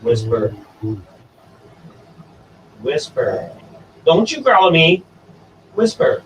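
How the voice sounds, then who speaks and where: A man hosting a casual stream and giving his dogs coaxing commands, jumping to high sing-song calls. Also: wildly swooping pitch, drawn-out words, fairly bright tone. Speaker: stream host. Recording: distant from the mic. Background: dogs, faint room noise.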